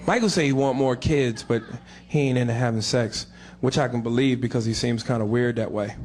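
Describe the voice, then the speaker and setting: A man's voice: medium pitch, brisk, darkish tone. A man doing stand-up comedy in a crude, profane way.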